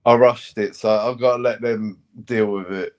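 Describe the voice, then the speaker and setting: A man with a lowish voice and fairly even intonation chats casually on a live stream at a moderate pace. He tells rambling stories, swears, and acts out the voices of the people he quotes.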